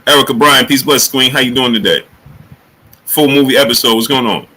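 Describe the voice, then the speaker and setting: A man hosting a casual boxing talk livestream, greeting chatters by name and jumping into high excited exclamations. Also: brisk, slightly rough, poor audio. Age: adult. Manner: animated, rising to high excited exclamations when joking. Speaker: livestream host.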